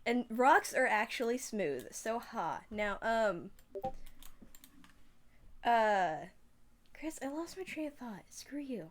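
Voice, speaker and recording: A woman's voice: on the high side, very animated, takes it slowly, pauses often. A woman hosting a podcast in casual chat, hesitant and giggly. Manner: hesitant, many fillers and restarts, giggly. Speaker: podcast host.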